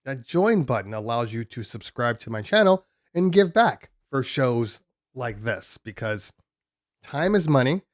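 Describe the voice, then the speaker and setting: A man's voice: medium pitch, big pitch swings, a little slow, no room sound, studio quality. A man hosting a DJ live stream, answering viewer questions in a loose, rambling way with many ums and restarts. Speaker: DJ podcast host. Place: home studio room.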